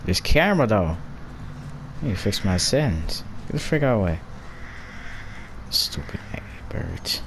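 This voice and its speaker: A man giving casual, slangy commentary over a horror game, taunting enemies and shouting loud excited reactions. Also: on the low side, moderate pace, a little hiss or hum. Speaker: gaming channel host.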